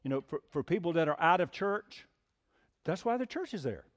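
An older man serving as pastor preaches a folksy sermon in a fairly high voice with big swings in pitch, at normal speed. Homespun jokey asides mix with stretches where he rises to emphatic preaching.

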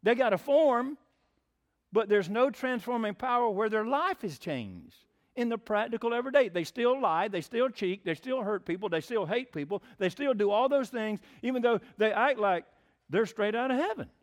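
Man, pastor, high voice, folksy sermon storytelling. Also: moderate pace. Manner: folksy storytelling, lively and plainspoken.

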